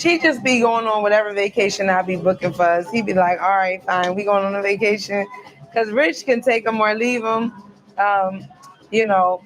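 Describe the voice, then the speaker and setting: A woman's voice: medium pitch, fairly bright tone. Chatty woman hosting a live stream. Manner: chatty, talks straight to viewers, loose storytelling. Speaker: live-stream host reading viewer comments. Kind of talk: casual live chat. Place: cruise ship cabin.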